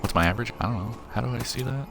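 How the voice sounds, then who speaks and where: A gravelly, mid-range voice talks very fast: a man in his thirties from Missouri streaming a video game at home at night, with game music and gunfire under his speech. He rambles casually, reads and answers chat messages aloud, and corrects himself as he goes.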